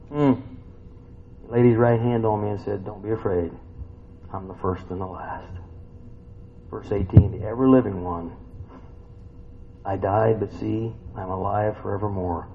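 A man leads an informal Bible study, reading verses and musing aloud with hums and rhetorical questions. He jumps from loud bursts to hushed asides. The sound is thin and phone-like, with a faint rumble underneath. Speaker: Bible teacher.

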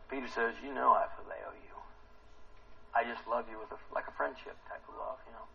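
A man preaching a sermon in an excitable, animated way, swinging between hushed and loud. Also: mid-range voice, normal speed, gravelly, lo-fi sound, slight background noise.

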